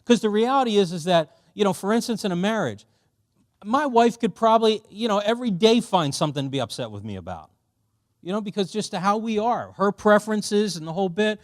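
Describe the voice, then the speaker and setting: Animated man giving a church workshop. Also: high-pitched, brisk, no room sound, clean studio sound. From Philadelphia. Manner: animated, conversational, loud and boisterous by his own account; casual, with many fillers and asides to the audience. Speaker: workshop speaker.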